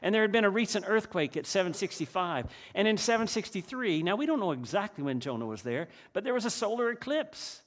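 An earnest man preaching a sermon. His voice sits on the higher side for a man. He keeps turning to the listeners with rhetorical questions. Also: big pitch swings, brisk, few pauses. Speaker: pastor.

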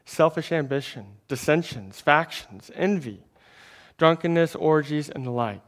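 A man preaching a sermon in a conversational way, talking straight to the congregation, repeating words and swinging between emphatic and hushed lines. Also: fairly high pitch, expressive, measured pace. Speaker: pastor.

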